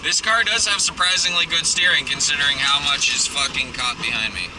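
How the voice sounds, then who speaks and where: A man's voice: fairly high pitch, a little fast. A young man casually vlogging while driving, rambling and swearing with a self-mocking edge. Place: inside a moving car. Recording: far from the mic, clear road noise. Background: engine and traffic noise.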